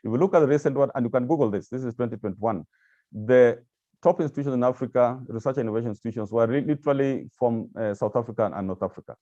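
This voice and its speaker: A man's voice: mid-range voice, quick pace, dark tone, no echo, highs cut off. A man giving a presentation with slides to staff of agencies, speaking hesitantly with many repeated words and fillers. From Kenya.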